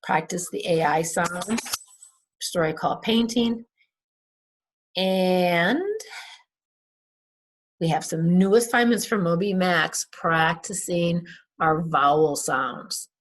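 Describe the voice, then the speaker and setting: A woman's voice: fairly low pitch, slow pace, long pauses. A woman English teacher recapping a class, patiently repeating words to model their stress. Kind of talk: recorded class recap, slow and deliberate.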